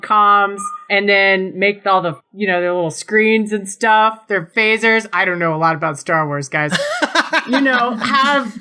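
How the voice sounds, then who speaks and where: Brief: woman podcast co-host, bright voice, giggly and animated while pitching ideas. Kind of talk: casual game chat.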